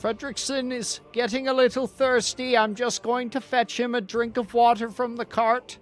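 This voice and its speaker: A man's voice: very high-pitched, little pitch movement, moderate pace, pitched above the performer's own voice. A man playing a pushy, impatient herald. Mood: pressuring. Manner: pressuring, curt, swears.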